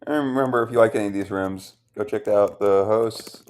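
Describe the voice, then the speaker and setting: A man's voice: on the low side, brisk, a little mellow. A man casually hosting a live stream, chatting easily and speaking straight to his viewers. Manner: easygoing, chatty, addresses viewers directly. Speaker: host relaying audio rooms.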